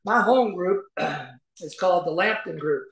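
An older man with a fairly high voice shares his story with a crowded room. He talks in a folksy, chatty way, often laughing, and his voice rings out from a podium mic in a big, echoing hall. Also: lively intonation, measured pace, a bit bright. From Kentucky, USA. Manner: folksy, laughing, conversational with many fillers. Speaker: recovery meeting speaker. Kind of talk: personal story talk to an audience. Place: large meeting hall. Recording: echoey hall recording.

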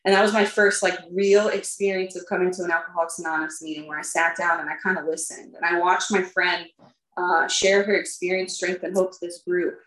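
A woman with a lowish, fairly bright voice talks a little fast with fairly even intonation while recounting her recovery to a group. Her candid, chatty story is packed with fillers and occasional self-directed laughter, and the room echoes noticeably.

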